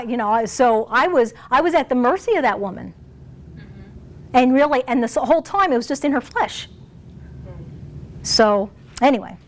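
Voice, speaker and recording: A woman giving an informal Bible teaching, chatty and animated, often laughing and restarting phrases. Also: high-pitched. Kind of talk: informal sermon.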